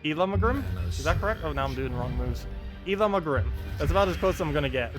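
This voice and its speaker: A man's voice: on the high side, expressive, fast. A man streaming a game live, chatting casually and playfully, often breaking into laughter. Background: game music.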